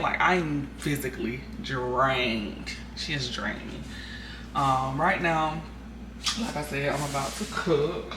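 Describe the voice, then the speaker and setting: Young woman vlogger, casual and chatty; recorded from a distance in a roomy space with steady background noise. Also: a bass voice, slow. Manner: chatty, venting with frequent fillers. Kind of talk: casual chat.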